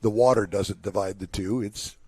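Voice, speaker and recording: A man's voice: on the low side, steady tone, normal speed, a little mellow, slightly rough, no echo. An older man hosting a live talk show from a car show, chatty and joking with his co-hosts. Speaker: host. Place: outdoor waterfront car show.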